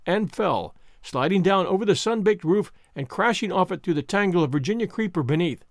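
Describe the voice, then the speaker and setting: Expressive male audiobook narrator. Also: high-pitched, fairly quick, no echo, clean studio sound.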